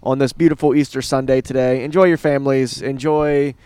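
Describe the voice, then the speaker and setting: Man, podcast co-host, quick to laugh, smooth clear voice, dry close sound. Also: mid-range voice, fairly even intonation, mellow, no echo. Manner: joking, laughs often. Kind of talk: casual chat.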